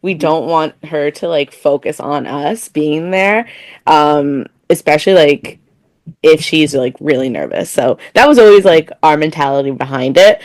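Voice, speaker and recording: A woman's voice: deep voice, unhurried. A woman co-hosting a casual podcast, chatting supportively with a friend and telling anecdotes. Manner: supportive, chatty, many "like" fillers. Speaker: podcast co-host.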